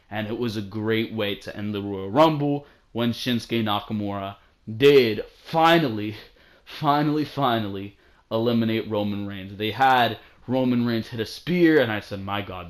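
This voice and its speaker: A young man giving a casual, excitable wrestling review from home, repeating lines for emphasis and calling the listener "bro". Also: lowish voice.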